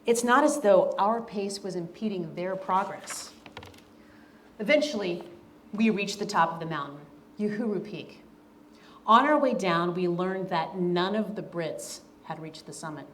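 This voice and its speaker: A woman's voice: fairly low pitch, a little slow, slight background noise. A woman from the American South, an author giving an earnest, emphatic talk to a room and reading from her own book. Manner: earnest, emphatic, repeats key lines. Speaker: author and speaker. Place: event room before an audience.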